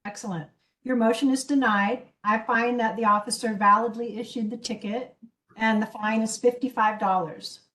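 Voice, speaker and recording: Firm, dryly measured woman judge. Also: a little high, fairly even intonation, a bit bright. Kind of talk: presiding over a hearing.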